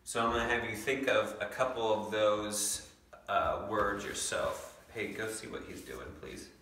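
A young male teacher gives a remote lesson to second graders, stretching out each word as he sounds it out. His voice sits a little low and moves slowly and patiently. He is picked up from a distance in a very echoey room with a faint hum behind him. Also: sharp tone. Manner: patient, slow, stretches out words to sound them. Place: home room. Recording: echoey room, mic far off.

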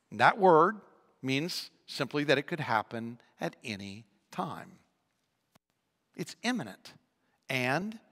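A male pastor with a slightly high voice preaches in a church hall that echoes. His sermon leans on animated stories, humor and lots of repetition.

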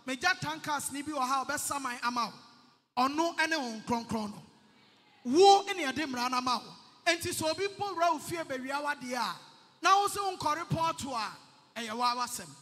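A man interpreting a sermon in church, calling out phrases loudly and with energy. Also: very high voice, lively intonation, normal speed. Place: church hall. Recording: reverberant hall.

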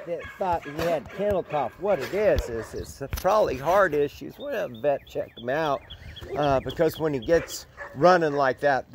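A man's voice: mid-range voice, slight background noise. A man casually chatting through a morning at an animal sanctuary, rambling and folksy with chuckling asides. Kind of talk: casual morning vlog chat.

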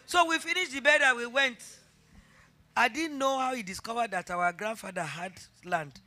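A woman's voice: a little high, moderate pace, sharp tone. A middle-aged Nigerian woman pastor preaching a sermon, telling a personal story and rising to fervent emphasis.

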